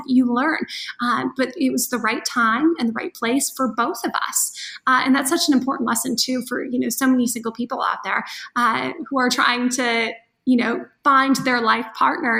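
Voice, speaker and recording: A woman's voice: fairly high pitch, pushed and bright. A woman from Michigan with a slight Southern-sounding twang, a guest on a radio interview, talking in a candid, playful way and laughing easily. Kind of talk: casual interview chat.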